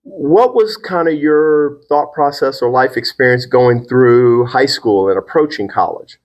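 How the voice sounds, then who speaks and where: A man's voice: medium pitch, unhurried. A middle-aged man hosting a podcast with his son, talking in an earnest, encouraging and reflective way. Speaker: podcast host, father. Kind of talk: casual conversation.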